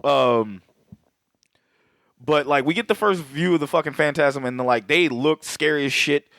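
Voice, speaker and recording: A man's voice: a little high, a little slow, gravelly, fairly bright tone, dry recording, studio quality. A man co-hosting a podcast, chatting casually about a movie, swearing constantly and laughing often. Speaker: podcast co-host. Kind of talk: casual profane movie chat. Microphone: headset.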